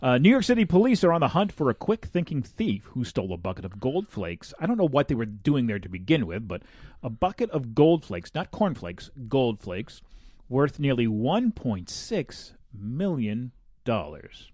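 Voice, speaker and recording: A man's voice: mid-range voice, moderate pace, dry recording. A male podcast host with a mid-range voice that swings up and down a lot as he reads out strange news. He cracks jokes and laughs along the way. The sound is dry and close. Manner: animated, laughs often, jokey asides. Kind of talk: casual chat.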